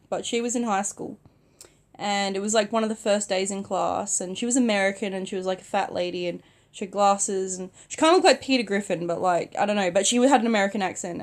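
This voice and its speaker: A young woman tells a casual storytime from her bed while sick. Her voice sits in an ordinary middle female range. She talks softly and chattily, filling her sentences with "like". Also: medium pitch. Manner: chatty, many "like" fillers, soft-spoken. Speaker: vlogger. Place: in bed at home.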